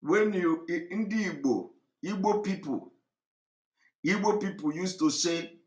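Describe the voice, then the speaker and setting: Slow, animated commentator. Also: male voice, high-pitched, roomy sound. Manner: drawn-out, repetitive preaching delivery. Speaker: live broadcast commentator. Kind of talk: emphatic commentary on a video clip.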